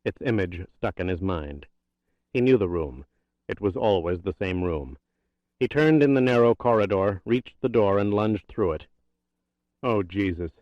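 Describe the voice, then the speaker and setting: Guy narrating a thriller audiobook, low voice, dry dull lo-fi sound. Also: animated, a little slow, dry recording.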